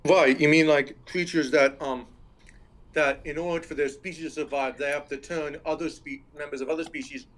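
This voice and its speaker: A man's voice: a little high, fairly even intonation, normal speed, a bit bright. A man joining a casual panel discussion over voice chat, talking in an eager, loose way. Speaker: panel guest.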